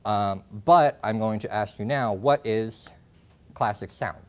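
A young man presenting a classroom workshop, talking in a halting way with many ums and restarts. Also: fairly low pitch. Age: young adult. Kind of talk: classroom lecture. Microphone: lapel mic.

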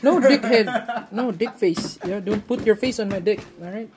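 A man's voice: high-pitched, normal speed, noisy background. Playful male vlogger. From Philippines. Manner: playful, joking, crude, switching into Tagalog. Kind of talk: casual chat. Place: a room at home.

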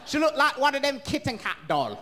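A woman's voice: high-pitched, sing-song, a little fast, pitched above the performer's own voice. A man voicing a judgmental mother who bluntly scorns her son's girlfriends, on a noisy live stage recording. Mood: scornful. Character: judgmental mother, stern and disapproving.

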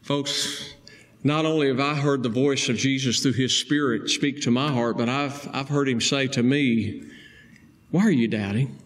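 A male preacher, delivering a sermon with emphatic rising stresses and slow, deliberate key phrases. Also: medium pitch, fairly even intonation, a bit bright.

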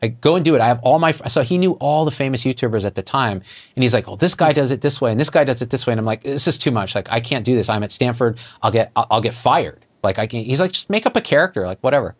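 A middle-aged man, a physician guest, telling a story in conversation and acting out the dialogue with lively jumps in his voice. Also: fast talker. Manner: animated, acts out quoted dialogue with jumps in pitch.

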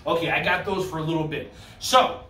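A man leading a lively children's karate class on video, cheering the kids on in a sing-song voice. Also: a little high, a little fast, echoey room, recorded from a distance, slight background noise. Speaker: kids' karate and yoga instructor. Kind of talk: energetic kids' class on video.

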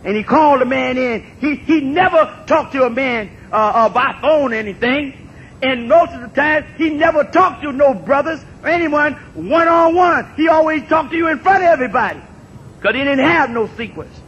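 A man in his sixties gives an impassioned public talk in a strikingly high voice, speaking at a normal pace with lively intonation. He repeats phrases emphatically and rises to shouts, captured on a dull, lo-fi recording with a faint rumble underneath.

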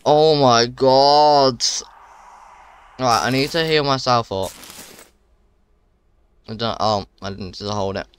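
Young male gamer, excitable let's-play host, bright and smooth tone. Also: on the low side, a little slow, pauses often. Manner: excitable, jumpy talk to viewers. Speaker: gaming channel host. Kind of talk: horror game let's-play commentary.

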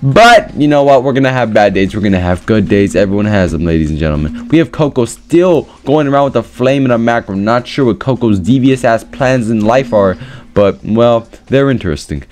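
Speaking briskly in a mid-range voice, a young man offers laid-back commentary on his gameplay for his YouTube channel. His quiet self-directed jokes give way to loud, excited shouting.

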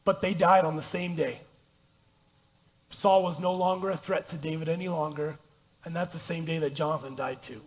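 A man's voice: fairly high pitch, steady tone, normal speed. A man pastor preaching a conversational, self-deprecating sermon and reading scripture aloud in a church. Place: church sanctuary.

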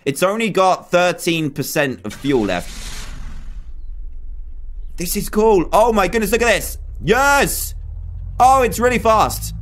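A man giving excitable let's-play commentary, yelping and shrieking when threatened. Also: high-pitched, takes it slowly, long pauses. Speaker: gaming YouTuber.

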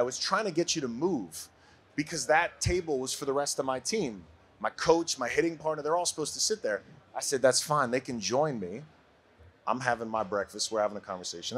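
A man in his forties from Brooklyn, a podcast guest telling a story in a casual, animated way and laughing often. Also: fairly high pitch. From Brooklyn, USA.

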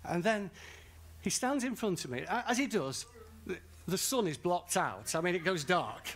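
A man's voice: high voice, expressive, normal speed, a bit bright. A man from northern England with a Northern English accent, preaching a sermon at a festival and telling a comic story. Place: large festival tent or hall.

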